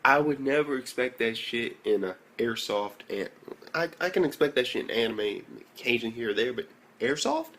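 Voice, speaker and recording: A young man reviewing an anime episode in a casual, excitable rant full of slang and swearing. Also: medium pitch, normal speed.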